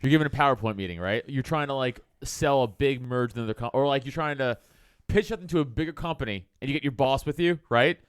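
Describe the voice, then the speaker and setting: A man's voice: mid-range voice, fast, clean tone, no room sound, clean studio sound. A man co-hosting a sports podcast, telling profane stories and acting out quotes in casual chat. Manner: profane storytelling, acts out quotes. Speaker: podcast co-host.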